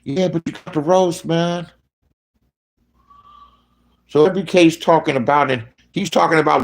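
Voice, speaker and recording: A man speaking in a profane, casual commentary rant, his voice jumping loud and high when he mocks people. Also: unhurried, vocal fry, long pauses. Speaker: online commentator.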